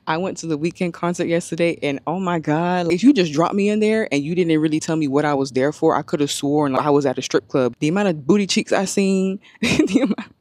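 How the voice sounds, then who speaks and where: A woman in casual chat, talking in a chatty, animated way and laughing often. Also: low-pitched, a little fast, dry recording. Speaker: guest.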